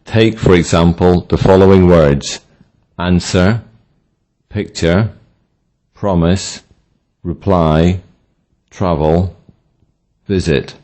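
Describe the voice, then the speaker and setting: A man reading a scripted language lesson in a slow, deliberate, instructional way. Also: deep voice, steady tone, warm tone. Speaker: language teacher. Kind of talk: scripted narration.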